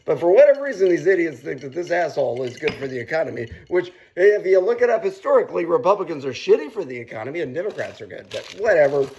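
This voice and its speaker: Profane, rambling man with lively pitch. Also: fast, few pauses, lo-fi sound, slight background noise. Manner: profane, rambling, bursts into loud outcries. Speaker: cooking vlogger. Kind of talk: casual rambling cooking vlog.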